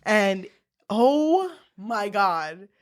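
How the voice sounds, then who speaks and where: A woman's voice: mid-range voice, sing-song, extremely slow. A young woman co-hosting a podcast in casual book-discussion chat, retelling a plot with lots of laughs and casual swearing. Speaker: podcast co-host.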